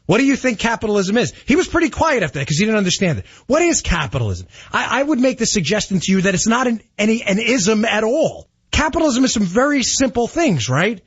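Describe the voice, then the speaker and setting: A male talk radio host on a heated rant, his voice a touch husky and swinging widely in pitch as he hammers his points home. He pushes each line with combative emphasis and peppers it with rhetorical questions. The sound is dry and dull, like lo-fi broadcast audio. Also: very animated, a little fast, hardly any pauses, no room sound. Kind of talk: ranting political talk radio monologue.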